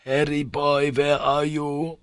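Audiobook role: a male reader doing an older, high-strung professor uncle, raised and strained in pitch, insistent and urgent, with a thin, altered tone. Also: monotone, slow, smooth, dry recording.

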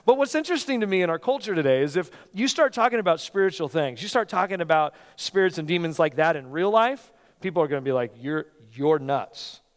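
A pastor preaching a sermon and reading scripture aloud, getting louder and more animated during the dramatic passages, in a church sanctuary. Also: male voice, high-pitched, fast. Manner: animated reading, rising loud for dramatic lines. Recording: long hall reverb.

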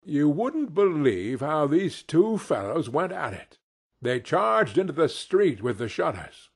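Slow, expressive male audiobook narrator. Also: a little high, breathy edge. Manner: expressive storytelling. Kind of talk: scripted narration.

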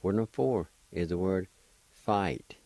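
A man gives a radio language lesson, his voice very low and mellow. He takes his time, spelling each word out patiently and encouraging his listeners. The sound is dry and close, as from a studio microphone. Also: expressive, unhurried, dry recording, rough recording.

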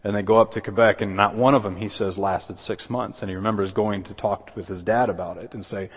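A man preaching a sermon as pastor, earnest, with quick asides and objections voiced in a higher pitch. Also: fairly even intonation. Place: church sanctuary. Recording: long hall reverb.

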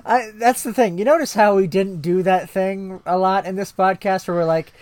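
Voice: medium pitch, fairly even intonation, normal speed, a little mellow, no room sound. Rambling, profane podcast co-host on a dry close mic. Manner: rambling, many restarts and fillers, swears. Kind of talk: casual comedic chat.

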